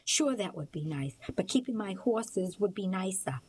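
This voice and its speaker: A woman's voice: medium pitch, expressive, normal speed, a little mellow, a little hiss or hum, lightly acted. A woman reading as a defiant young girl. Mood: bitter. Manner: read aloud, lightly voiced.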